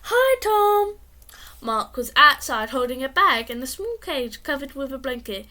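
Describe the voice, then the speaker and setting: High-voiced woman reading a children's book. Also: normal speed. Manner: lively, expressive read-aloud. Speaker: reader.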